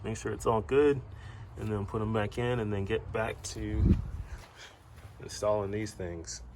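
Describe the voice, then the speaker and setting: A deep-voiced man chats casually as he works on his car, easygoing and rambling with plenty of "uh" and "um". A faint hum of noise sits behind his voice. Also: steady tone, a little slow, a little mellow. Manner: rambling, easygoing, lots of fillers. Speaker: car vlogger. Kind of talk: casual chat.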